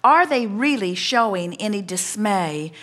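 A woman speaking as a collective "we" at a spiritual seminar, coaching a participant in a measured, reassuring way. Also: medium pitch, lively intonation, fairly bright tone.

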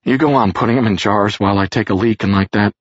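A man's voice: on the low side, fast talker, breathy edge, no room sound, pitched above the performer's own voice. A man voicing a bitter, pained, short-tempered addict who snaps and curses, in a dull lo-fi recording. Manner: snapping, cursing.

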